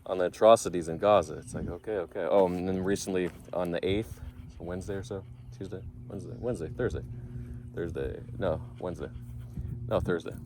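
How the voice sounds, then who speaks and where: A man with a low, deep voice talks casually in a vlog. He rambles from thought to thought and often stops to correct himself. Faint background hiss sits under his voice. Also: a little fast. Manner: rambling, self-correcting, thinking aloud. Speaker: vlogger.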